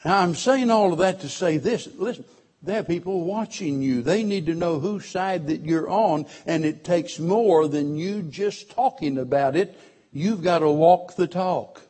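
A man preaching a sermon as pastor, telling personal stories and swinging between loud emphasis and hushed, quiet passages. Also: a little high, measured pace.

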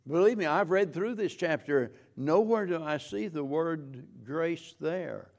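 A man preaching a sermon as pastor, slow and measured, with frequent restarts. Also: on the high side, a little mellow.

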